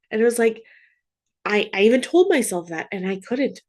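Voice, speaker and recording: A woman working as a Catholic grief coach, speaking in an earnest, gentle way, often asking "right?". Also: medium pitch, lively intonation, fast. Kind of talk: heartfelt faith monologue.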